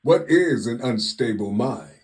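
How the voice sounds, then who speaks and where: Slow man repeating "you see". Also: mid-range voice, expressive, darkish tone. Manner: drawn-out rhetorical questions. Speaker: spiritual teacher. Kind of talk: spiritual monologue.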